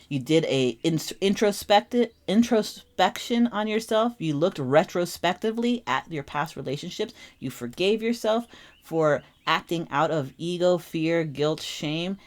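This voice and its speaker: Young female tarot reader, deep-set voice, expressive and repetitive delivery. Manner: animated, repeats phrases for emphasis. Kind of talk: casual tarot reading monologue.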